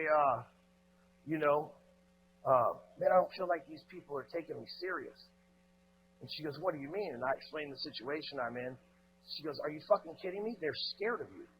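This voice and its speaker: A man in his forties speaking from a conference stage, blunt and profane, with stories and asides. His voice sits a little high for a man. The recording is muffled and has a faint hum under it. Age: 40s. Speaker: keynote speaker. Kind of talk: profane motivational stage speech.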